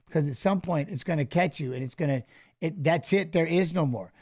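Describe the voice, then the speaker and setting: A middle-aged former fighter hosting a casual live stream, rambling through stories and swearing freely. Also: male voice, fairly high pitch, brisk, a little mellow. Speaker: show host and former fighter.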